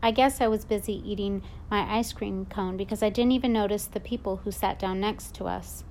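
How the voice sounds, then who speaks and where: A woman reads a storybook aloud in the first person, confiding and reflective. Her voice sits at a middle pitch, with a faint hiss behind it. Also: fairly even intonation, a little fast, a little mellow. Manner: confiding, reflective boy's point of view. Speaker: audiobook narrator.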